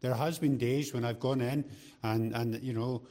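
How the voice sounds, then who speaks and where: A man's voice: medium pitch, fairly even intonation, normal speed, few pauses, dark tone. A middle-aged man preaching a sermon in a chatty, joking way, often repeating words as he restarts his sentences. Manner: chatty, joking asides to the congregation. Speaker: lay preacher.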